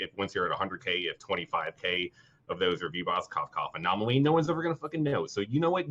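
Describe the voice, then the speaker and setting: A man's voice: deep voice, fairly bright tone, slightly rough. A man in casual podcast chat, ranting bluntly and swearing freely. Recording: muffled lo-fi audio.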